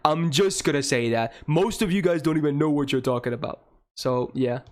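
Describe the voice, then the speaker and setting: A man's voice: on the high side, a little fast. A man streaming a game live, talking casually to his chat and getting frustrated, swearing and ranting about the game.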